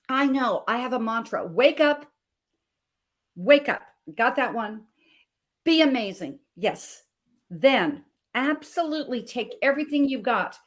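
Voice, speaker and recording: A woman in her thirties from Montana, a health coach telling her story as a guest with passion and emphatic repetition. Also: high voice. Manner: passionate, emphatic, repeats phrases. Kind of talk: emotional personal story on a talk show.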